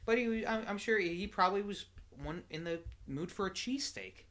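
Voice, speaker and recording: A man's voice: sits high, animated, a little fast, a bit bright. A man co-hosting a podcast in casual chat, joking and rambling with lots of filler words. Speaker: podcast co-host.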